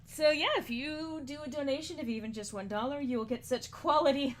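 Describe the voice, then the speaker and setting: A woman's voice: high voice, brisk, few pauses. A woman streamer in casual, playful chat with friends during an art stream, laughing often and swearing freely.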